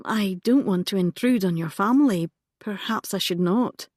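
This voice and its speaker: A woman voicing a poised, witty young gentlewoman in a composed, genteel manner. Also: medium pitch, moderate pace, no room sound, studio quality, natural voice.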